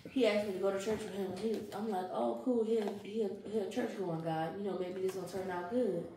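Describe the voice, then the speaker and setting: A woman's voice: medium pitch, quick pace. A young woman being interviewed, telling her story in casual slang and acting out what people said. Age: young adult. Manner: animated storytelling, slangy, acts out quotes. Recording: echoey, with faint noise.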